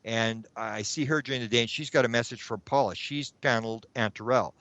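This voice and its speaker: A man's voice: mid-range voice, brisk, dry recording. A middle-aged man, telling a long story as a guest and acting out his own thoughts along the way. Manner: animated, acts out his own past thoughts. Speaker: guest, UFO researcher. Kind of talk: rambling anecdotal storytelling. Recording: dull lo-fi sound.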